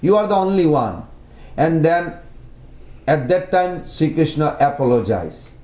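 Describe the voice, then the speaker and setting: A man giving a devotional lecture in non-native English, halting and repeating words as he explains. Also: on the high side, very animated, a little mellow. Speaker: speaker giving a religious class. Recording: echoey room.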